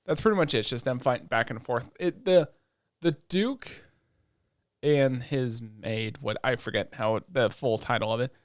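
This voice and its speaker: A man's voice: medium pitch, moderate pace, no room sound, studio quality. Loose, profane man recapping anime. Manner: loose, profane retelling with lots of fillers; animated storytelling that acts out quoted lines. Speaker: podcast co-host. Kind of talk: casual chat.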